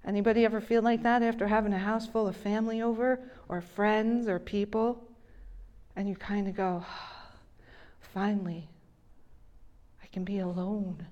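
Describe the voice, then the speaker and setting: A woman delivering a sermon in a slow, gentle way, her voice dropping soft and low when she quotes someone. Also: fairly even intonation, lo-fi sound. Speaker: preacher.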